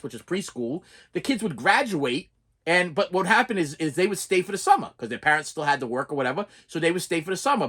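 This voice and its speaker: Middle-aged preschool teacher, storytime rant, lively swooping pitch, trips over words. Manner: exasperated, repeats words and restarts often.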